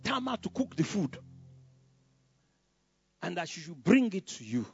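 A man voicing a scheming male friend who calmly coaxes with sly advice, in a Bible story told from the pulpit. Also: high voice, unhurried, creaky, exaggerated voice. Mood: coaxing. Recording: dull lo-fi sound with faint music.

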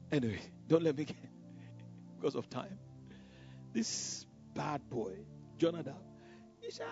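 Animated pastor, high lively voice. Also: male voice, unhurried, long pauses. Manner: animated storytelling preacher, full of "you know" asides, stammers. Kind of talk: sermon. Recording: dull lo-fi sound with faint music.

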